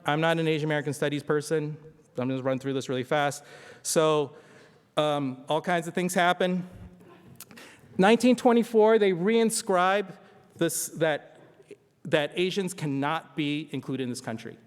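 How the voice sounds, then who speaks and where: A man's voice: fairly high pitch, moderate pace, clean tone. A man giving a conversational history lecture at a symposium, often asking the audience rhetorical questions. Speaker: symposium speaker. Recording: long hall reverb.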